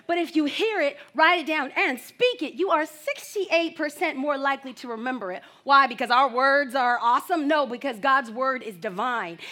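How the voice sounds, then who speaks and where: A young adult woman delivers a sermon with a high, bright voice. She tells her stories in an animated way and breaks into loud, excited shouts, then comes back down to teach from scripture. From United States. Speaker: preacher.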